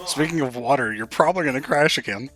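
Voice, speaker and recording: A man's voice: mid-range voice, quick pace, fairly bright tone, soft background music. A laid-back young man co-hosting a casual game stream, swearing now and then. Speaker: co-host. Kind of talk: casual gameplay commentary.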